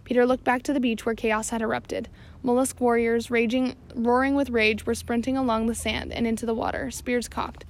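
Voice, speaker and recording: A woman narrating an audiobook in a steady reading voice. Her pitch sits somewhat high with noticeable vocal fry, and she now and then stumbles and corrects herself. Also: normal speed. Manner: steady reading with occasional slips and self-corrections. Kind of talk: scripted narration.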